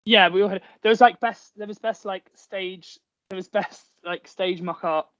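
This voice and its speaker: A man's voice: high voice, fairly even intonation, moderate pace, a bit bright, dry recording. A man who is an actor, chatting as an interview guest and telling stories with lots of "like" fillers, speaking through headphones. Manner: chatty storytelling with many "like" fillers. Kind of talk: casual interview chat. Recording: dull lo-fi sound.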